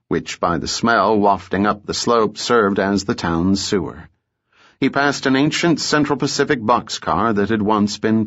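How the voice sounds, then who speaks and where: Male storybook narrator, lowish voice, measured; muffled lo-fi sound. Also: a bit bright. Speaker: audiobook narrator. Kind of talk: scripted narration. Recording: muffled lo-fi audiobook.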